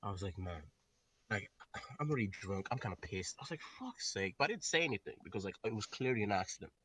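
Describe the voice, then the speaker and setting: A young man telling a story in a casual podcast chat, animated and swearing, with loud outbursts. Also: on the low side, racing, slightly rough, dry recording. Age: young adult. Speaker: podcast co-host.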